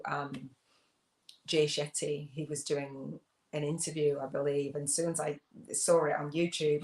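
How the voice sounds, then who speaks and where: Woman, livestream host, reflective and rambling, flat delivery, roomy echo. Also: low voice. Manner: rambling, reflective, with many fillers and restarts. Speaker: host of a spiritual business channel. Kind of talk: casual livestream monologue reading viewer comments.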